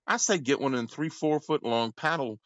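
A man hosting a podcast, rambling and profane, swinging between loud outbursts and low mumbling. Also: fairly quick, no echo. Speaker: podcast host. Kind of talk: casual comedic chat. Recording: dry, dull lo-fi podcast audio.

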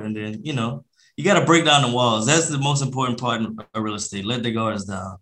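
A man's voice: medium pitch, brisk, a bit bright. Laid-back slangy man talking business. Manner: laid-back, slangy, acts out phone calls in a livelier voice. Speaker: podcast guest, real estate investor. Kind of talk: casual interview talk.

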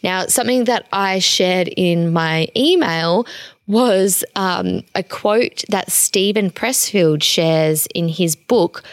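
A woman's voice: fairly low pitch, slow, no room sound. Chatty woman coach, dry close sound. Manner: casual, chatty, emphatic, often restarting sentences. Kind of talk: motivational monologue.

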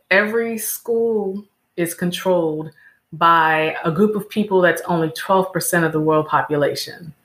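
A woman's voice: lowish voice, a bit bright. A woman answering interview questions in an emphatic, lecturing way, often listing examples. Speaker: guest. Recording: echoey room.

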